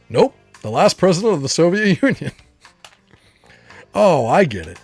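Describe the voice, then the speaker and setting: A man streaming a game, chatting casually and reading game text aloud in a relaxed, rambling way with frequent fillers. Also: fairly high pitch, normal speed, pauses often, slightly rough, faint music behind.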